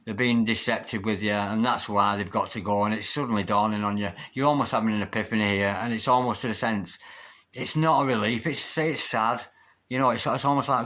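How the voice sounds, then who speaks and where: A man giving a spoken tarot reading to camera, earnest and halting, often repeating his words as he searches for them. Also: fairly low pitch, fairly even intonation, a bit bright. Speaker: tarot reader.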